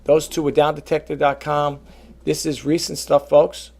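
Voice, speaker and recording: A man talking casually to his viewers about reselling, rambling and animated, often calling them folks. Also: fairly high pitch, normal speed, gravelly. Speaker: reseller vlogger. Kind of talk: casual talk to camera.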